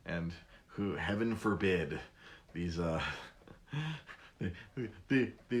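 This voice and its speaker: A man's voice: lowish voice, normal speed. A man hosting a podcast, rambling casually with frequent restarts. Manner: rambling, many restarts, animated. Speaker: podcast host.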